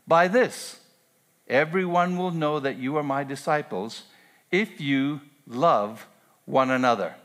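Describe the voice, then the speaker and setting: Earnest preaching man, higher voice. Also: takes it slowly, a bit bright. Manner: earnest, rising to emphatic preaching with repeated phrases. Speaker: pastor. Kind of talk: sermon.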